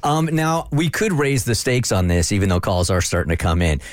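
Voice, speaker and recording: A man's voice: fairly low pitch, very animated, normal speed, no room sound, clean studio sound. Blunt joking male radio host. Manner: blunt, joking, takes calls. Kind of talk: casual radio banter.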